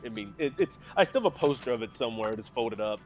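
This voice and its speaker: Excitable rambling man, casual chat. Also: mid-range voice, fast, faint music behind.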